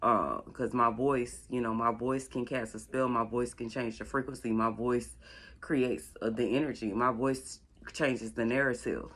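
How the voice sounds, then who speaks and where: A middle-aged woman from Florida, rambling through a casual story as a vlogger, drawing words out slowly for effect. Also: a bass voice, fairly even intonation, a bit bright. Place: at home doing makeup.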